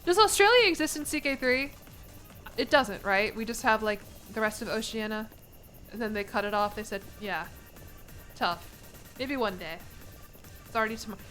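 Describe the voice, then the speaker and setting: A young American woman rambles playfully to her chat while she plays a strategy game. Her voice sits a little high. Faint music plays underneath. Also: lively intonation, moderate pace, pauses often, a bit bright. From United States. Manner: rambling, playful, laughs between lines. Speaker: streamer. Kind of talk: casual game-stream chat.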